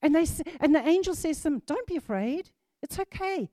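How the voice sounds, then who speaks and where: A woman preaching a sermon to a congregation, reading scripture aloud and repeating key phrases with lively emphasis. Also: sits high, brisk, no room sound, clean studio sound.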